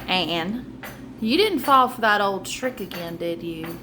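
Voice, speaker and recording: A weary mother of squabbling twins, read aloud by a woman, speaking in a low, calm voice. Her tone stays close to the reader's own, with noise hanging over the recording. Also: takes it slowly.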